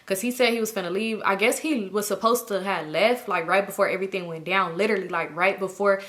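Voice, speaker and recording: A woman, telling a story in a casual vlog and acting out everyone's lines with big jumps in her voice. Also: quick pace. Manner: animated, acts out quotes with big pitch jumps. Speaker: storytime vlogger.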